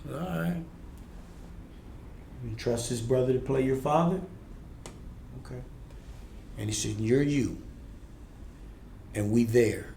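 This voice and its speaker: A gravelly man in his forties tells a raw story from his own life. His speech is blunt, intense and street-inflected. He sounds like he is in an echoey room with a faint hiss behind him. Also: medium pitch, slow, long pauses, warm tone. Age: 40s. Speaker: guest. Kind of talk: emotional personal storytelling.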